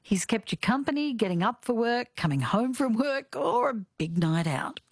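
A woman's voice: on the high side, very animated, moderate pace, husky, dry recording. Australian woman talkback host, chatty and playful, dry studio sound. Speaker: radio host. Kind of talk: casual talkback radio. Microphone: studio microphone.

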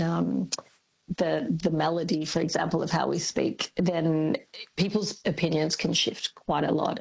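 An Australian woman speaking as a linguist on a radio talk show, thoughtful and hesitant with many pauses and ums. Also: lowish voice, creaky, darkish tone, husky. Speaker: linguist guest. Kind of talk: radio interview.

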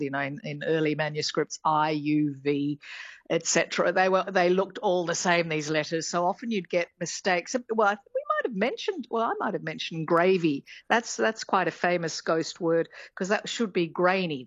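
A woman's voice: sits low, moderate pace, no echo, muffled recording. A middle-aged woman, a linguistics professor explaining words in a radio interview, thinking aloud as she goes.

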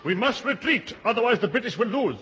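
An actor playing a frantic German soldier in a 1950s radio comedy, with a put-on German accent and shrill, urgent cries. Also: male voice, sing-song, a little fast, bright, forceful tone, full character voice. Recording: noisy 1950s radio recording.

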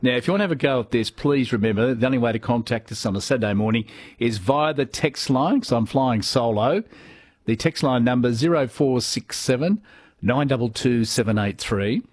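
A man's voice: mid-range voice, darkish tone, a little hiss or hum. Chatty male radio presenter. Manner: chatty, brisk. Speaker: radio host.

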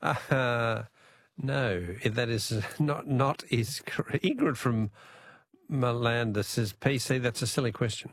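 A man's voice: mid-range voice, slow pace, no echo. A man with an Australian accent hosting a talkback radio quiz, easygoing and chuckling.

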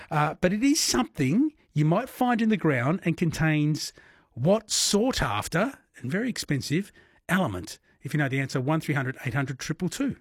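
An Australian man runs a late-night radio quiz with a casual, joking manner. His voice sits a little high and sounds husky. The studio sound is dry and close. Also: no echo. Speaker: overnight radio quiz host.

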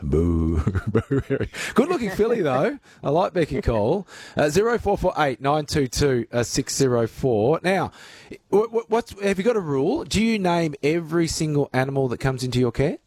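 A man hosting a talk radio show from a studio, relaxed and dotted with uhs. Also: a little high, brisk, breathy edge, dry recording. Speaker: radio host. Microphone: close studio mic.

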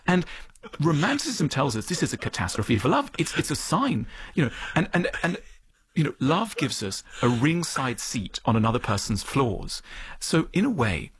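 A man, an author talking as a guest, explaining ideas in relaxed conversation and acting out little scenes. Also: on the high side, moderate pace. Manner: animated, acts out little scenes in other voices.

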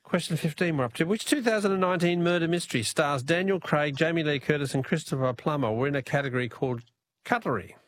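A man's voice: a little high, fast talker, a little hiss or hum. A man with an Australian accent hosting a casual talkback radio quiz, chuckling as he reads out listener messages.

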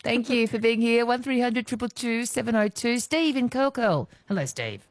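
A woman's voice: a little high, lively intonation, moderate pace, no room sound. A woman with an Australian accent hosting a radio phone-in quiz, chatty and teasing, laughing often.

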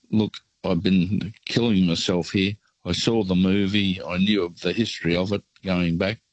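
An older Australian man calling in to a radio show, telling rambling, relaxed travel stories. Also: low-pitched, measured pace, dry recording, lo-fi sound. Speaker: caller. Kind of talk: phone-in storytelling.

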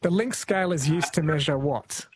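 A man's voice: a little high, normal speed, husky, dry recording. A man hosting a call-in radio quiz, friendly and chatty, laughing easily.

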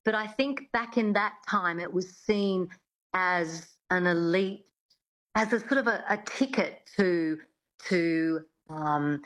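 A dialect coach answers questions as a guest on a radio interview. She is a woman with a fairly low voice. She explains things eagerly but hesitantly, with frequent fillers and restarts. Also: rough recording.

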